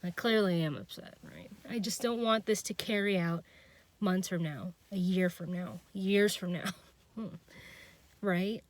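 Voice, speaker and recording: A young woman with a lowish voice vents her frustration in an unscripted personal vlog. She halts and restarts, trails off, and laughs at herself.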